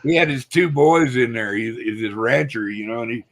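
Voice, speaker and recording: A man's voice: mid-range voice, normal speed. A man telling a hunting story in casual chat, folksy and repetitive. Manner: folksy storyteller, acts out quoted people.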